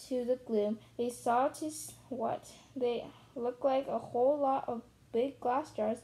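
A woman reading a children's book aloud in a steady way, with small slips and restarts. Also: a little high, poor audio. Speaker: storyteller.

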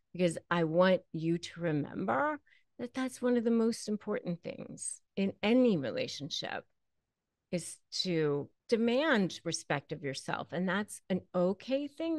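A woman speaks straight to the listener in an emphatic advice-giving tone, hammering home short phrases by repeating them. Her pitch sits mid-range for a woman. The recording is close and dry, with no room echo. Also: a bit bright. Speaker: attorney and channel host. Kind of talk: direct advice to camera.

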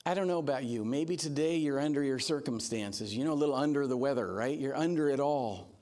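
A man's voice: medium pitch, a little fast, darkish tone. A male pastor delivering a sermon in a church, earnest and drawing on humor, acting out quotes as he teaches.

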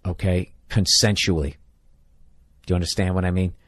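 A man's voice: low-pitched, fairly even intonation, moderate pace, a bit bright, no echo. A man from the United States, a podcast host giving comedic advice in a blunt, profane, rambling rant.

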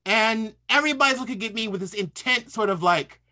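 A man speaking as a culinary historian, telling animated, humorous stories with playful repetition. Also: sits high, fairly quick. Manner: humorous, playful, repeats words. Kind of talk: animated anecdotal storytelling.

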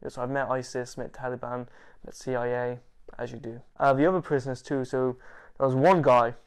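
A man, an interview guest, telling stories casually, animated, laughing and swearing. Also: mid-range voice, brisk, clear, resonant tone. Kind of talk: casual storytelling.

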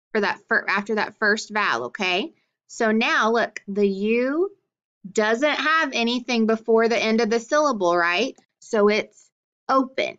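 A woman teacher giving a phonics lesson for children, sounding out syllables slowly and clearly and praising her students. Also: mid-range voice, a bit bright, dull audio.

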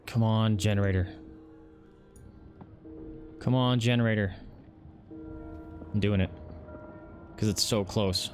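A man's voice: fairly low pitch, steady tone, slow, pauses often, faint music behind. A young man commenting as he plays a strategy game, reading its text aloud and swearing. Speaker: gaming channel host. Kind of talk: let's play commentary.

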